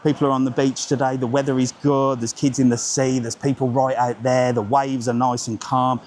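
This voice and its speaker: A man in his forties hosting a live walking travel vlog, chatty and quick to greet passersby. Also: medium pitch, level tone, a little mellow, a little hiss or hum. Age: 40s. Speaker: travel vlogger host. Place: seafront promenade outdoors.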